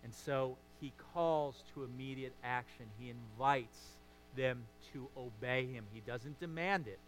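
A man preaching a sermon as a pastor, swinging between hushed, intimate stretches and emphatic, rising passages. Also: medium pitch, unhurried, slight background noise.

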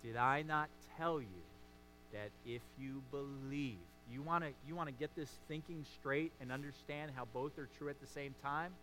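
Man playing a gentle reassuring teacher, soft and quiet, bright tone, sermon retelling. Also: medium pitch, normal speed, slight background noise, close to an everyday voice, rough recording.

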